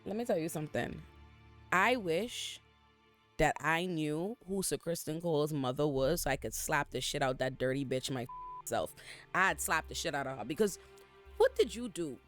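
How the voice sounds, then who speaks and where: Expressive man recapping a TV episode. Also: fairly high pitch, moderate pace, faint music behind. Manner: expressive, profane, acts out characters. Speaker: show recap host. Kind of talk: animated TV recap commentary. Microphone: facing camera.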